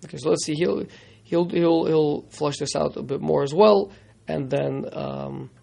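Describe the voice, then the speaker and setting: A man teaching a Torah class, halting and repeating words, mixing Hebrew terms into his English. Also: fairly high pitch, gravelly, mellow.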